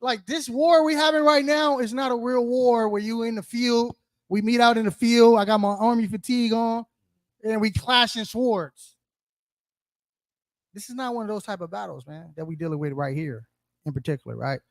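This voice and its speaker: A man's voice: very high-pitched, steady tone, moderate pace. A man leading a group scripture study in a sermon style, asking questions and calling on listeners, using slang and rhetorical "right?". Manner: calls on listeners, asks questions, repeats answers. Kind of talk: interactive sermon teaching.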